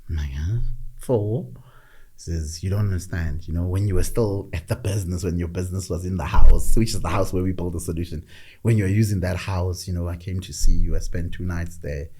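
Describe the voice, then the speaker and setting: A middle-aged man telling stories in a reflective conversation, measured and often repeating words as he gathers his thoughts. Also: low-pitched, steady tone, warm tone, breathy edge. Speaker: podcast guest.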